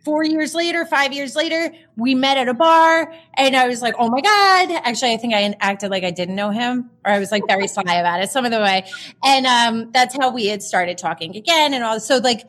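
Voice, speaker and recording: Woman, 30s, podcast guest; high-ish voice, candid, emotional, filler-heavy storytelling. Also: fairly quick, fairly bright tone.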